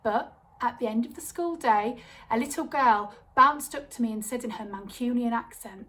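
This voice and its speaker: Young woman storyteller, lively comic delivery, slightly high voice. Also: moderate pace. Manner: lively, acts out quoted voices.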